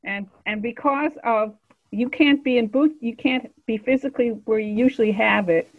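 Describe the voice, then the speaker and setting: Soft-spoken woman on a tinny call. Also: fairly high pitch, normal speed. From America. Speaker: participant joining from abroad. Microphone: video call. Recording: tinny phone-like video call audio.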